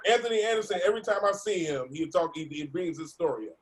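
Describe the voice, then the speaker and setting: A man, a comedian, telling an animated story over a video call, laughing and acting out the voices of other people. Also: on the high side, fast talker. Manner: laughing, acts out voices in his stories. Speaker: comedian guest.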